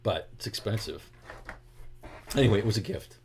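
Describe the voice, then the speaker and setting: A man's voice: lowish voice, lively intonation, normal speed, gravelly, heavy background noise. A middle-aged man with a Boston accent, a guitar teacher chatting casually on a livestream and greeting viewers by name.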